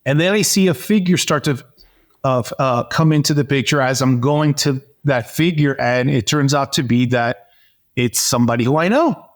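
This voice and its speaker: A man as an interview guest, telling a personal story in a lively, animated way, with frequent fillers and restarts. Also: medium pitch, normal speed. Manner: animated storyteller, acts out dialogue. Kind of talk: personal testimony in conversation.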